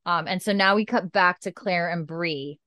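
A woman's voice: fairly low pitch, moderate pace, pushed and bright, dry recording. A woman hosting a podcast, recapping a TV episode in rambling casual chat full of fillers, eating dinner as she talks. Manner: rambling, filler-heavy storytelling. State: eating dinner while talking. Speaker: podcast host.

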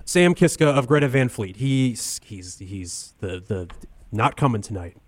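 A male radio host in a comedy call-in sketch, stammering through his words and grumbling with open anger. His voice is recorded close and dry, with no room sound. It sits at an ordinary male pitch. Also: measured pace, dry recording. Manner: stammering, grumbling, openly angry.

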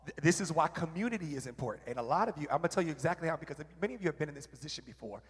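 A man with a somewhat high, husky voice tells a candid personal testimony, stumbling over restarts as he goes. His words ring out in a reverberant church hall. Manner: candid, animated, with halting restarts. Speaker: guest sharing testimony.

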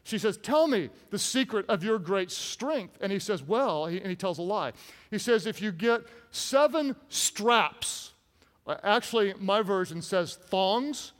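A man preaching a sermon to a congregation, animated and jokey, acting out the story with voices. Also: high-pitched, measured pace. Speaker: pastor. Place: large church hall. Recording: hall reverb from large room.

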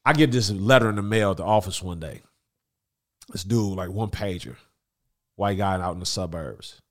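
In a relaxed chat, this thirty-something man, once a radio host, recounts stories with lots of energy, frequent fillers and false starts. He speaks with a low voice at a moderate pace.

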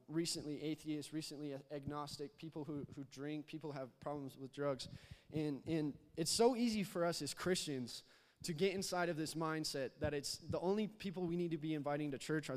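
A man's voice: a little high, a little mellow. Young man preaching in a reverberant church. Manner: conversational, repeats words, prompts the congregation to respond. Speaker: youth pastor. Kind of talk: sermon. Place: church sanctuary. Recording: long hall reverb.

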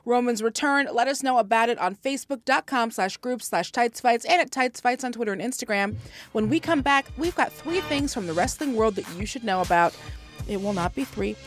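A woman's voice: on the high side, a little fast, soft background music. Upbeat woman hosting a podcast. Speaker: podcast host. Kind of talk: casual podcast chat.

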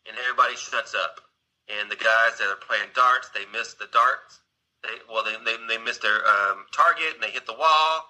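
A man's voice: mid-range voice, moderate pace, sharp tone, low-quality recording. A man casually retelling a film scene, rambling along with restarts and asides to his listener. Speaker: storyteller.

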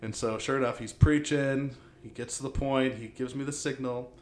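A man's voice: mid-range voice, fairly even intonation, moderate pace, a little hiss or hum. A young man hosting a podcast, telling stories loosely with lots of fillers and laughs. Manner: rambling storyteller, many fillers, laughs often. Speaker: podcast host. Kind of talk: casual podcast chat.

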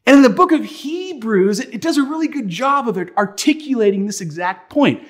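High-voiced animated male preacher. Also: a little fast. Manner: animated storyteller, repeats words. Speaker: pastor. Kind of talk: sermon with personal storytelling.

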